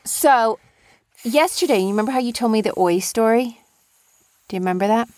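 A woman's voice: fairly high pitch, fairly quick, a little mellow. A woman casually chatting with her child as host of a small family show, talkative and teasing. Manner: chatty, talks a lot, teasing. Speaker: podcast host and parent.

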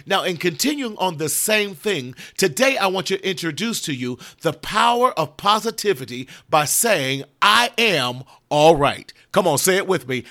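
A woman's voice: lowish voice, lively intonation, moderate pace, few pauses, a bit bright. A woman hosting a motivational self-help talk, speaking in an emphatic, preacherly way and leading listeners in affirmations they repeat after her. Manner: emphatic, preacherly, leads call-and-response affirmations. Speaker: motivational podcast host.

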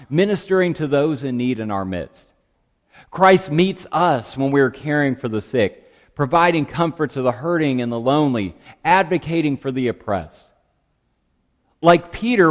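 A male pastor delivering a sermon, gentle and reflective, his voice dropping softly at the end of each phrase. His mid-range voice rings out with a long reverb across the church sanctuary. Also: mid-range voice.

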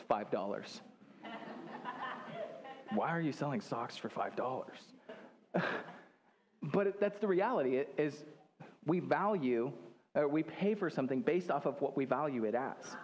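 A man's voice: fairly high pitch, expressive, unhurried, pauses often, darkish tone, slight background noise. A young man preaching a sermon in a church, in a loose and joking way, with many fillers and restarts. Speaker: pastor.

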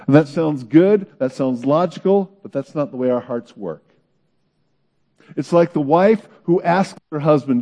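A man's voice: on the high side, moderate pace, warm tone. A man preaching a sermon in an earnest way, his voice climbing into pleading questions. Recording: long reverb of a large hall.

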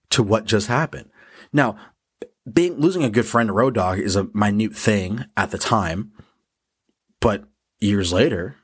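Podcast guy w a low husky voice, blunt and sweary, pokes fun at himself, casual pep talk. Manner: profane, blunt, self-deprecating. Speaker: podcast host. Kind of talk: casual motivational monologue.

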